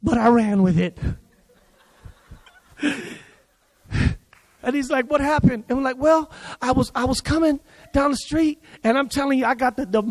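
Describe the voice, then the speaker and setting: A man preaching a sermon at a church service, telling a childhood story in an animated way and acting out the other people in it. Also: very high voice. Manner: animated, acts out quoted voices. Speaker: pastor. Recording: long hall reverb.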